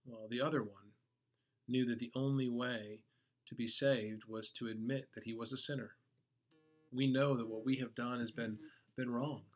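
A man's voice: mid-range voice, steady tone, moderate pace. A man preaching as a pastor, reading scripture aloud and then explaining it earnestly, with some fillers and restarts. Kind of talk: sermon devotional reading.

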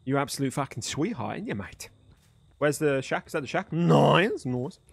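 A young man live-streaming a game, chatting with viewers in an animated, swearing, playful way. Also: fairly high pitch, normal speed, vocal fry, husky, no echo. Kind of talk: live stream commentary and chat.

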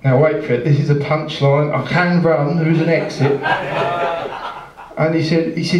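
A man's voice: on the high side, steady tone, normal speed, a crowd in the background. A man telling a long joke on a club stage, rambling, restarting and chuckling as he goes. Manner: rambling, self-interrupting, chuckling. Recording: roomy, distant, dull live club sound.

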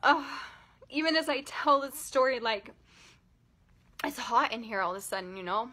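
Woman in her thirties, vlogger, tearful and halting, bright, slightly high voice. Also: lively intonation. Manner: emotional, halting, many "like" fillers. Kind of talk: personal storytelling vlog.

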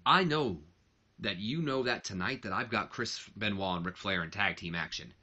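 A man's voice: fairly low pitch, normal speed, pushed and bright, breathy edge, lo-fi sound, full character voice. Earnest male wrestler pleading his case, a man reading the lines.

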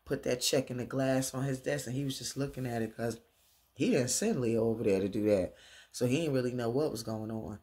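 A woman's voice: extremely low pitch, normal speed, darkish tone. A middle-aged woman recapping a TV episode in a chatty, slangy way, dancing around while she talks.

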